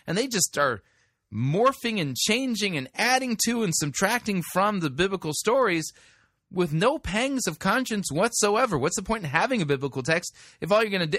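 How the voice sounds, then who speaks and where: A man's voice: high voice, fairly bright tone, dry recording. Man reading scripture, dry close sound. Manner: corrective, reads scripture aloud. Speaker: host reviewing a sermon. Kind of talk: critical commentary with scripture reading.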